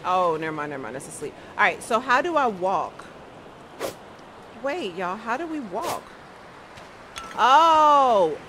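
A woman streams games with very animated delivery, speaking a little slowly at medium pitch and leaving long pauses. Amid a noisy background, she chats with her viewers and laughs often during casual commentary.

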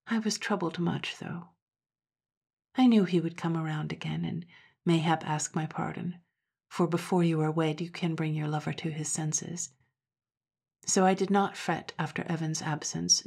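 A woman narrating an old-fashioned story in a soft, hushed, often half-whispered voice. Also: on the low side, creaky, slightly rough.

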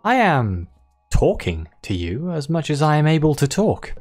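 A game player voicing a gentle, motherly giant female creature queen from a video game, reading her lines with a cooing, doting manner. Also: mid-range voice, sing-song, moderate pace, faint music behind. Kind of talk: reading game dialogue aloud.

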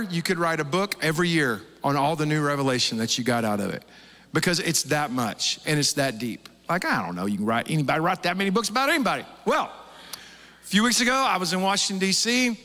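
A middle-aged pastor with a drawl delivers his sermon in a bright, forceful tenor, slightly high for a man. He tells his stories with lively animation and bursts into acted-out quotes. His voice rings through a big church hall with a long reverb tail. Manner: animated storytelling, acts out quotes.

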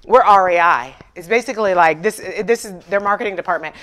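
A woman's voice: on the low side, a little fast, few pauses, a bit bright. A woman hosting a furniture painting livestream, chatting with viewers and telling stories with acted-out dialogue and self-deprecating humor. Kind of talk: casual livestream chat.

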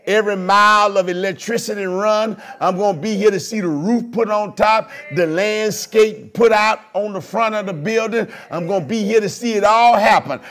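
A man preaching a sermon, his voice sitting high for a man. He works the congregation in call-and-response style and builds up to shouted lines. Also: moderate pace, hardly any pauses. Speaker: pastor.

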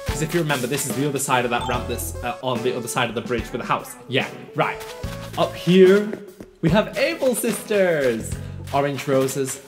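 A man hosting a video game let's play, chatting to himself in an animated, talkative way. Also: mid-range voice. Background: game music.

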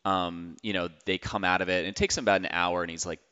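A man's voice: deep voice, steady tone, fast talker, pushed and bright, clear, resonant tone, lo-fi sound. A man hosting a casual podcast interview, asking long, rambling questions. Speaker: podcast host.

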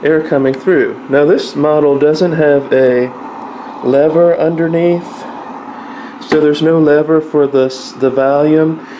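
Talking slowly in a steady, slightly high voice with a dark tone, a vlogger presents his small vintage organ, which plays in the background. His casual chat rambles and is packed with fillers. The audio is poor, with a bit of hiss or hum.

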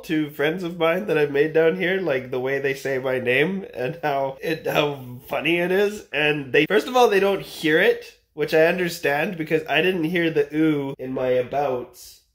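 A man's voice: on the high side, normal speed, few pauses. Joking young Canadian man. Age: young adult. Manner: joking, animated storyteller. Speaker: vlogger. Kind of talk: casual chat.

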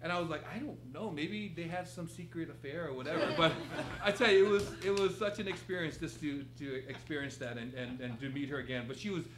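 A man's voice: a little high, fairly quick, hardly any pauses. A man telling a funny story on stage at a live improv theater, laughing and acting out quotes. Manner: animated, laughing, acts out quotes. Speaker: guest storyteller. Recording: echoey theater with noise.

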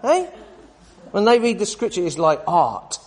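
A British man in his forties teaches a Bible study in sermon style, his high voice very animated though measured in pace. He's emphatic and often tosses tag questions at his listeners. The recording carries the long reverb of a hall.

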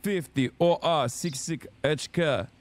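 A man streaming a game, giving casual commentary in a profane, excitable way. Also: a little high, slow, a little hiss or hum.

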